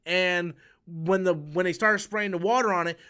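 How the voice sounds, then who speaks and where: Young male vlogger, high-pitched, casual and swearing, restarts his sentences often; storytelling rant. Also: steady tone, moderate pace, sharp tone, clean tone. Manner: profane, rambling, with frequent restarts. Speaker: YouTube channel host.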